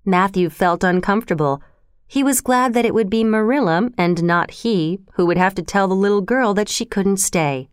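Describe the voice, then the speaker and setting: Smooth-voiced woman narrating a storybook. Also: mid-range voice, moderate pace, hardly any pauses, no echo, studio quality.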